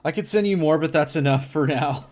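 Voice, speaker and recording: A man streaming casually, laughing often and reacting to things with loud mock horror and swearing. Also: a little high, fairly quick. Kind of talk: casual livestream chat.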